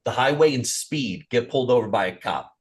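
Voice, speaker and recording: Here a male podcast co-host talks in a mid-range voice, a little on the fast side. The conversation is casual and animated, packed with cursing and playful put-on voices.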